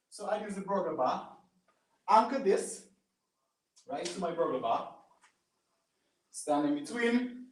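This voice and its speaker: A high-voiced man talks a home audience through a resistance band workout, punctuating each rep with a quick "boom." He stands back from the mic in a bare, echoing room. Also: recorded from a distance. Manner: coaching, repeats "right?" and "boom". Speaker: fitness instructor. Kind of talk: live workout demonstration. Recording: echoey room, away from mic.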